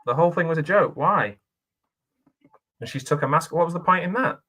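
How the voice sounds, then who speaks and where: A man's voice: a little high, expressive, fairly quick, sharp tone. A man giving casual, rambling reaction commentary on a film, chatting and laughing as he goes. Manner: chatty and rambling, with frequent laughs and self-questioning asides.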